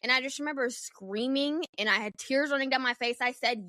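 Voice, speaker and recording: A young adult woman hosting a solo podcast, telling a personal story in a candid, animated, profane way. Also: high voice, a little fast, few pauses, no room sound, clean studio sound. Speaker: podcast host.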